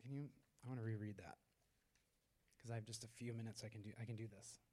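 A man's voice: on the low side, fairly even intonation, fast, warm tone. A man preaching a sermon in a loose, conversational way, with many fillers and restarts. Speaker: pastor.

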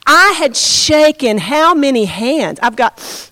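A woman pastor telling a story in a sermon, expressive and conversational, addressing her congregation. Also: sits high, slow pace, dry recording.

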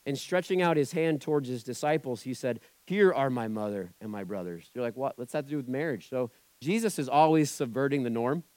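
A male pastor delivers a sermon in a loose, conversational way, slipping into quoted voices as he goes. His voice sits in a middle pitch. It is recorded close and dry, with no room echo. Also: a little fast, a little mellow.

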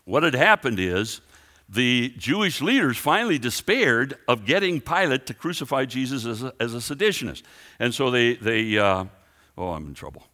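A man preaching a sermon in a lively, conversational way, often restarting and adding asides. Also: medium pitch, moderate pace.

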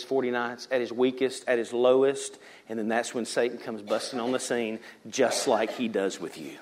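A pastor preaching a sermon in a church, swinging from loud emphasis to hushed near-whispers and acting out quotes. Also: male voice, mid-range voice. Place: church sanctuary.

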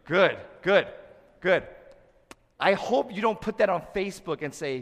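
A middle-aged man preaching a sermon as pastor, who acts out quotes in loud high bursts and sinks to a soft low voice for serious points. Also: sing-song, normal speed, vocal fry. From Korea. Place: church sanctuary. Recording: long hall reverb.

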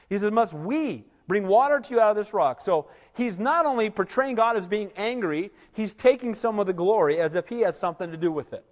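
A male pastor preaching an animated sermon, often asking his congregation "Amen?" for a response. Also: high voice, brisk, few pauses, in a large hall.

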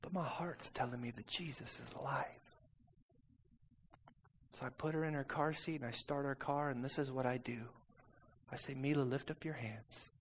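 A man preaching a sermon and telling a personal story, swinging between soft, intimate passages and loud, urgent ones. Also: medium pitch, normal speed, long pauses, a little hiss or hum.

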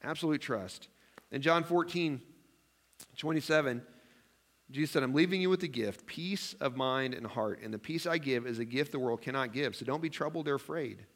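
A man's voice: mid-range voice, normal speed, a bit bright. A man preaching a sermon as pastor in a church, chatty and self-deprecating, acting out his own worried prayers. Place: church sanctuary.

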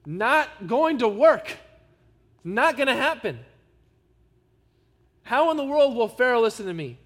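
A man's voice: very high-pitched, big pitch swings, measured pace, a bit bright, long reverb tail, voice pushed up, heavily acted. A man preaching a sermon voices Moses as a reluctant man who doubts and pleads with God, asking question after question in disbelief. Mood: exasperated. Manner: exasperated, incredulous questioning.

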